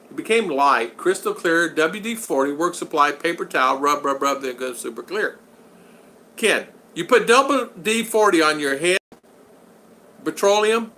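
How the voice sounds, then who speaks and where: A man's voice: a little high, lively intonation, normal speed, pushed and bright. A man hosting a casual live stream, chatting, reading comments aloud and greeting viewers by name. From United States. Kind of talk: casual live-chat talk.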